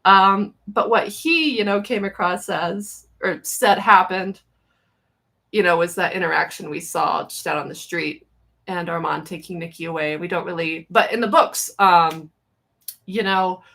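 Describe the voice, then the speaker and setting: A woman hosting a casual live Q&A, rambling and chatty with lots of fillers and restarts, self-mocking and quick to giggle. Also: on the low side, bright, forceful tone. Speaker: livestream host answering viewer questions.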